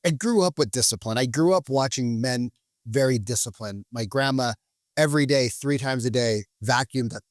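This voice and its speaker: A man telling stories as a podcast guest in a lively, casual way. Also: mid-range voice, moderate pace, no echo, studio quality. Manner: animated, acts out quoted people. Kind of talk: casual storytelling.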